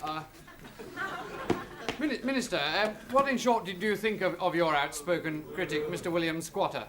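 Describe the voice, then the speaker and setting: A man's voice: high voice, normal speed, over a noisy crowd, natural voice. A man playing a flustered, stammering current-affairs TV presenter in a 1960s TV sketch. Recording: hissy old TV recording.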